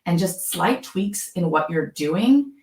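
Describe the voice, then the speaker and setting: A woman's voice: fairly low pitch, slow pace, echoey room. A woman, a school psychologist, explaining things animatedly in an interview and acting out teacher and student voices as she goes. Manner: expressive, acts out teacher and student voices, laughs often. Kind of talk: animated interview talk with acted-out examples.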